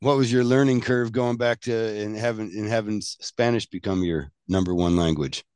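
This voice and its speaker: A man's voice: lowish voice, normal speed, a little mellow, smooth, no echo, clean studio sound. A man in casual chat, asking questions and making wry, self-deprecating jokes.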